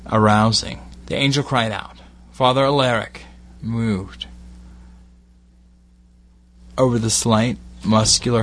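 Glaswegian man, erotic story reading, measured pacing, mid pitch, faint background hiss. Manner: measured, steady narration with short phrased pauses.

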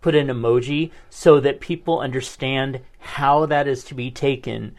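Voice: mid-range voice, fairly even intonation, normal speed. Sassy, profane podcast co-host. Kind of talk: casual chat.

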